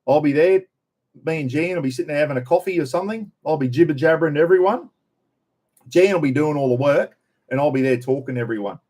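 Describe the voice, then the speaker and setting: A man's voice: fairly high pitch, quick pace, a little mellow. A middle-aged Australian man from Queensland hosting a livestream, chatting casually and answering viewer comments in a rambling, jokey, blokey way. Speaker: livestream host.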